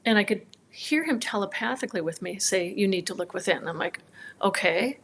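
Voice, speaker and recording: A woman in her thirties from northern Minnesota recounts a personal story as an interview guest. She brings each quoted voice to life with animated delivery. Her tone is earnest and heartfelt throughout. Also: mid-range voice, fairly quick, slight background noise. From northern Minnesota, USA. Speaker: guest, chiropractor.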